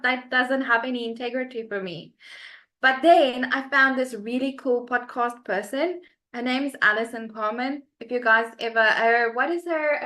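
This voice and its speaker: Bubbly woman on a video call, kinda high and really bright, laughs a lot, says like constantly. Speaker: guest on a group video call. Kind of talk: lively casual chat.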